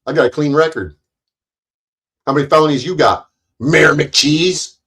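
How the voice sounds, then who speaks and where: A man's voice: on the high side, a little slow, pauses often, a bit bright, low-quality recording. A man hosting a livestream, ranting at his chat in a profane, taunting, confrontational way. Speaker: livestream host.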